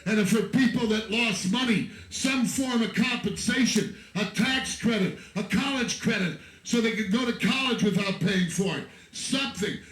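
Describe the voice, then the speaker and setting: An American man giving a fiery, profane, shouting rally speech to a festival crowd from an outdoor stage. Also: high-pitched, normal speed, hardly any pauses, roomy sound, poor audio. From United States. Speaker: activist speaker at a festival.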